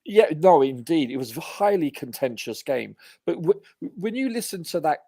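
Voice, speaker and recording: A man's voice: on the high side, big pitch swings, normal speed, warm tone, no echo, clean studio sound. A man on a live football review panel giving earnest, emphatic opinions, often hedging with "you know". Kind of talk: casual live match review.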